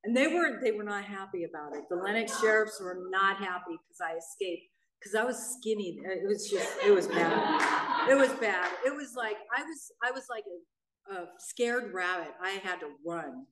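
A middle-aged woman, main speaker at a recovery meeting, telling her own story in a blunt, animated way and acting out the voices of people she quotes. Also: mid-range voice, normal speed, heavy background noise. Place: meeting room in a church. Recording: roomy sound, mic at a distance.

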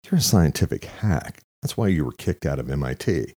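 A man voicing a captive tough guy who talks calmly and flatly with cutting sarcasm, in a very deep, dark voice. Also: normal speed, husky, no room sound, studio quality, heavily acted.

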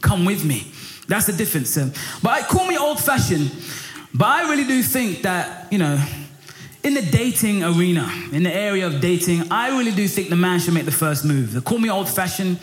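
A middle-aged man preaching a sermon in a lively, passionate way. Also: brisk, slight background noise. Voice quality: high for a man, lively and passionate, rising when pressed. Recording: echoey room with faint music.

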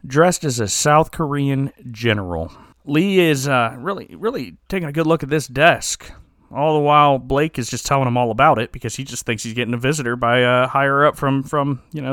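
A man's voice: medium pitch, brisk, a bit bright, no echo, clean studio sound. A man hosting a podcast, casually recapping an episode in a rambling, joking way with many restarts. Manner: rambling, joking, self-correcting. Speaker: podcast host.

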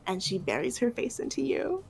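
A woman narrating as game master of a tabletop role-play, relaxed with fillers. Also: on the high side, a little fast, vocal fry, slightly rough.

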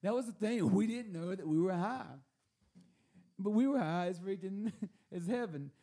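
A man with a fairly high voice tells a story in a loose, chatty way, laughing often and tripping over repeated words. He is seated at a table, talking with friends on a show. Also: normal speed, dark tone. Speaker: podcast host telling a story. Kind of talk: casual storytelling chat. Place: room at a table.

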